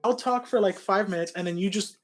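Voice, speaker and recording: Excitable male co-host, stumbles and restarts, chatty. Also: high voice, fairly quick. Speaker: podcast co-host. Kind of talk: casual chat.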